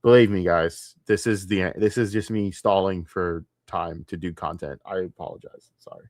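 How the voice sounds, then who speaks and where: A man's voice: low voice, fairly even intonation, moderate pace, a little mellow, dry recording, clean studio sound. A man streaming late at night, ranting with a lot of profanity and getting easily distracted.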